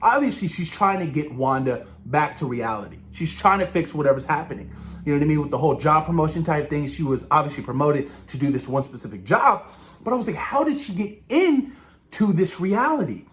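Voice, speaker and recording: Man, excitable rambling show talk, lively swooping voice, slightly high, swears casually. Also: fast, a little hiss or hum. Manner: excitable, rambling, swears freely, acts out reactions. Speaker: show reviewer. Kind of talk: casual episode discussion.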